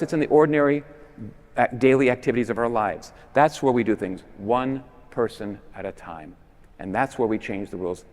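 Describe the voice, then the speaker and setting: A man giving a persuasive conference talk with emphatic stresses that drop to quiet endings. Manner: emphatic, with swings between loud stresses and low, quiet endings. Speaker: conference speaker. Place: large basilica. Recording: long reverb in a big church.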